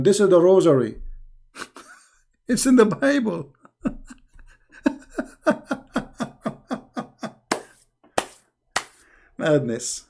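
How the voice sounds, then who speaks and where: A man's voice: a little high, very animated, drawn-out words, vocal fry, long pauses, darkish tone. A man hosting a live question-and-answer stream, speaking emphatically and scolding, often repeating words as he restarts. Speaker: online show host answering viewer questions.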